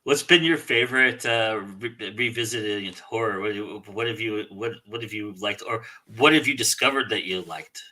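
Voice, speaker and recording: Very deep, bright-toned male host. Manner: halting, restarts questions. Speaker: podcast host. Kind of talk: casual interview chat.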